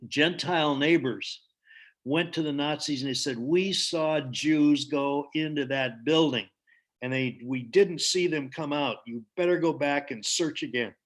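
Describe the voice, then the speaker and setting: A man's voice: mid-range voice, fairly bright tone. A man giving a storytelling talk in an earnest way, with frequent ums and restarts. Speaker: speaker.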